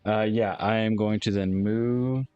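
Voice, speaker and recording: Chatty male player, low voice, dry close sound. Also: fairly even intonation, a little slow, clean tone, no room sound, lo-fi sound. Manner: chatty, laughs easily. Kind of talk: casual tabletop play.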